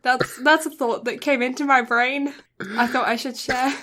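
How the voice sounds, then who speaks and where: A woman's voice: sits high, fairly even intonation, moderate pace, pushed and bright. A young woman co-hosting a casual podcast, chatty and teasing, prone to going off on tangents. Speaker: podcast co-host. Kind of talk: casual chat.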